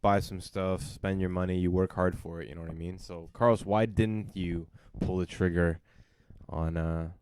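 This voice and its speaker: A man's voice: deep voice, steady tone, moderate pace, a little mellow, smooth, no room sound. A man co-hosting a casual podcast, laid-back and teasing. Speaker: podcast co-host. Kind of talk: casual chat.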